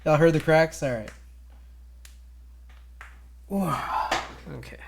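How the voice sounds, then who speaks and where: Laid-back male streamer, slow easy delivery, casual chat with his audience. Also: mid-range voice, background noise. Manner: laid-back, talks to chat while typing. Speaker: streamer building keyboards.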